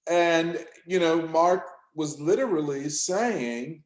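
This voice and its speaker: Measured man in an echoey room. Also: fairly high pitch. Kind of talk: casual discussion. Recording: roomy echo.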